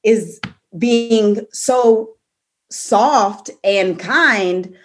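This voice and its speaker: Speaking very slowly in a mid-range voice, a young woman co-hosts a casual faith-based podcast. She reflects out loud and laughs between her thoughts.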